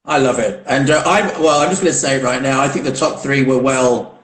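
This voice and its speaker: A man's voice: medium pitch, a little fast. A man hosting a casual live video chat interview, chatty and giggly, with lots of fillers and restarts. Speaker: host. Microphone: video call. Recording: roomy echo on a video call.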